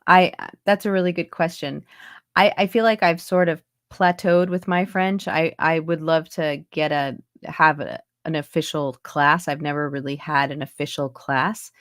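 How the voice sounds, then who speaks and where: A woman's voice: low-pitched, fairly even intonation, normal speed, no echo, studio quality. A woman accent coach chatting casually in an interview over a video call, talking with lots of fillers and restarts. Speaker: accent and dialect coach, guest. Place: home in Montreal, on a video call.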